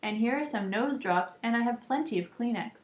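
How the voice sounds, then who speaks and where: A woman's voice: on the high side, lively intonation, brisk, lightly acted. A woman voicing an earnest, caring little mouse boy in a storybook reading, with an eager, raised voice. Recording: echoey room, muffled lo-fi sound.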